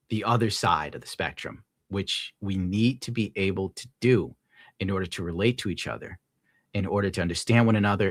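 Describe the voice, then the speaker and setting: A man's voice: low voice, a bit bright, husky, no echo, studio quality. A young man streaming, casually ranting and reading donations, profane and rambling. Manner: profane, rambling, laid-back. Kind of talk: casual rant to viewers.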